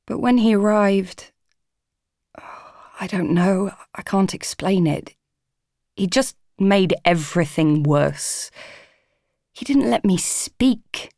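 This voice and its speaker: A woman's voice: medium pitch, slow pace, vocal fry, a little mellow, no room sound, clean studio sound. A young woman narrating a first-person audiobook, earnest and pleading, emotionally raw.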